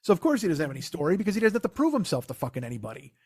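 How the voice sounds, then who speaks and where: Fast-talking exasperated male comedian. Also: on the high side, husky, dry recording, studio quality. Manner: profane, animated, exasperated storytelling. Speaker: stand-up comedian. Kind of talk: stand-up storytelling.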